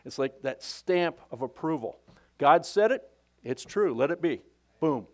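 A man's voice: on the high side, expressive, measured pace. A middle-aged male pastor preaching a sermon in a conversational, folksy way, often restarting his sentences.

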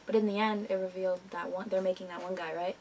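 Bubbly woman, fast talker, excited little comments. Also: fairly low pitch, far from the mic. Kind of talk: casual chat.

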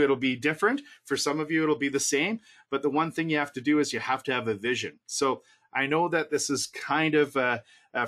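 A man's voice: mid-range voice, a bit bright. A middle-aged man, a real estate coach, giving a motivational webinar talk full of repeated rhetorical questions and short punchy lines.

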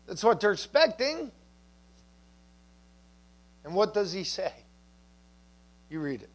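High-voiced pastor preaching conversationally. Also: male voice, very animated, slow pace, long pauses, a bit bright. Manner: conversational preaching with asides and jokes. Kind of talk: sermon. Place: church.

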